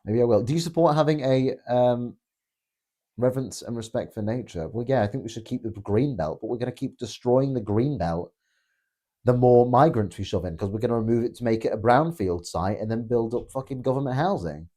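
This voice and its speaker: A man's voice: medium pitch, animated, fairly quick, warm tone. A man hosting a casual live stream, answering chat in a blunt, joking way with plenty of swearing. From Britain. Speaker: political streamer reading chat.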